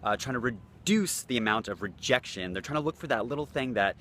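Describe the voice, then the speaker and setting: A man's voice: mid-range voice, expressive, a little fast, bright, forceful tone, slight background noise. A man talking as a dating coach in a loose, blunt, casual way, swearing freely. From United States. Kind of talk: casual talking-head vlog.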